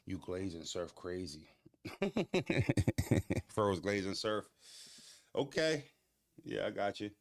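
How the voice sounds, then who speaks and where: Low-voiced man riffing on a livestream. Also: very animated, slow, long pauses, no room sound. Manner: loose, profane, laughing, reads and roasts chat. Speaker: livestream host. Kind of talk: casual livestream chat.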